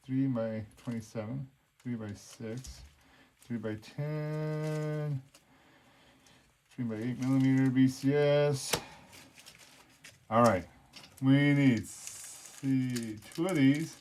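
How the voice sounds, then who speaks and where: A man's voice: medium pitch, steady tone, slow, a little mellow, a little hiss or hum. Casual, cursing man building a kit. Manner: casual and profane, with many fillers. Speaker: hobby vlogger.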